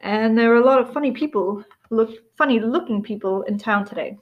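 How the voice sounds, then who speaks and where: A woman's voice: a little high, fairly quick, dull audio, close to an everyday voice. A woman reading as a nervous stuffy husband. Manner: hesitant, awkwardly casual. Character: stuffy nervous middle-aged suburban husband. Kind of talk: audiobook reading.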